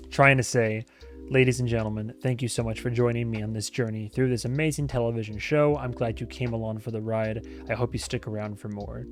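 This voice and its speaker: A man's voice: mid-range voice, fairly even intonation, brisk, soft background music. A man hosting a reaction channel, talking casually to his viewers and stumbling through German phrases with a self-mocking laugh. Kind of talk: casual talk to camera.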